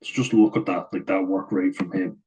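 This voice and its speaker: Deep flat-voiced man breaking down rugby. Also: brisk, rough recording. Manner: chatty, says "like" often, chuckles at own asides. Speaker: rugby match analyst. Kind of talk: casual match breakdown voice-over.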